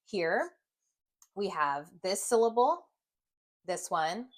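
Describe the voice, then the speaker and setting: A woman's voice: mid-range voice, sing-song. Patient woman teaching a reading lesson. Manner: clear, patient, sounds out words slowly. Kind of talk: instructional video lesson.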